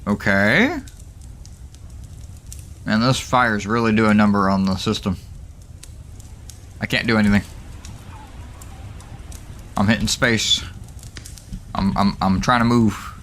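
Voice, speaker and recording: A man hosting a gaming channel, giving excitable, jokey let's play commentary that is full of swearing and laughter. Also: fairly low pitch, takes it slowly, long pauses, slight background noise.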